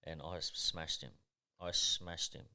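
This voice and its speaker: Here the Tasmanian boxer, in his thirties, speaks a little slowly in a low voice that sounds steady, pushed and bright. As a podcast guest he tells casual stories in a blunt, intense, heavily profane way.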